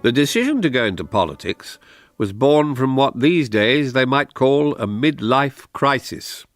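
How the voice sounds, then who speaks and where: A wry, gravelly older politician. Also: male voice, mid-range voice, big pitch swings, no echo, soft background music. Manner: reflective, wry, slow delivery. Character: retired politician and barrister, husband of a vanished wife. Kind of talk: radio drama acting.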